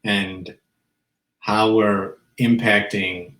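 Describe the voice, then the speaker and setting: A man's voice: fairly low pitch, flat delivery, very slow, a bit bright, echoey room, low-quality recording. A man co-hosting a live Q&A, talking in a casual, enthusiastic way and repeating words. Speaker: co-host, teacher. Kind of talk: live Q&A chat.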